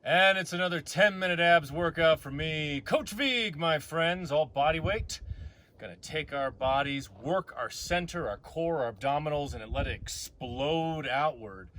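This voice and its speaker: A man with a fairly high, expressive, fairly bright voice speaks at a measured pace over a little hiss or hum. He's a fitness instructor running an upbeat outdoor abs session among rocks, counting reps and cueing breathing as he coaches.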